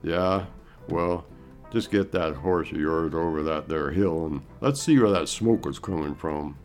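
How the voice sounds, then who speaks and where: A man's voice: very deep voice, a little slow, darkish tone, faint music behind. A man voicing a grumbling old frontier guide with a folksy drawl.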